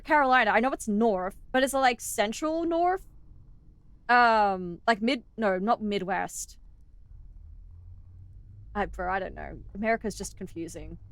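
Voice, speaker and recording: A woman's voice: on the high side, a bit bright, smooth, no echo. A young Australian woman streaming a game, chatting playfully with viewers, giggling and sounding out words as she rambles. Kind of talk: casual live-stream chat while gaming.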